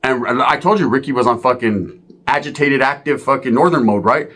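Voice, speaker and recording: At a medium pitch and a slightly quick pace, a man tells a street story laced with profanity. He performs it with animation, mimicking the voices of the others involved.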